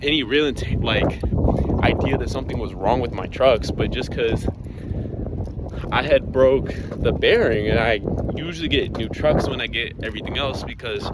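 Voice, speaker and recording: A man's voice: mid-range voice, moderate pace, very noisy. A young man talking casually to camera as a skateboarding vlogger, rambling and swearing. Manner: swears a lot, exasperated rambling. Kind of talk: casual vlog talk to camera.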